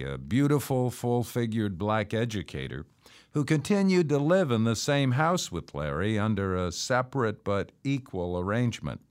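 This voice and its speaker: A man reading his memoir aloud in a wry, conversational storytelling way. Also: fairly low pitch. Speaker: narrator of a memoir.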